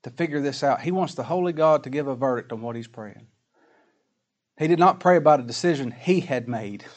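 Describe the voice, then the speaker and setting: A man preaching a sermon, folksy and plain-spoken, full of rhetorical questions, reading scripture slowly and with weight. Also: medium pitch. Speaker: pastor.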